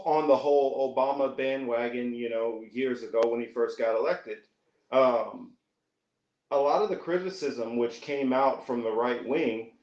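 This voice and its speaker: A man's voice: mid-range voice, darkish tone. A man talking as a podcast guest in casual chat, hesitant and earnest. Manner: hesitant, many fillers and restarts, earnest. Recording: echoey, dull lo-fi audio.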